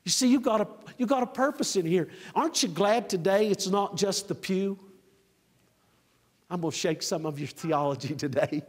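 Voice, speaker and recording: A man in his sixties preaching a sermon, swinging from near-shouts to quiet asides. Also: sits high, normal speed, big-room sound. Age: 60s. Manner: emphatic, rising to near-shouts then dropping to a conversational aside. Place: church.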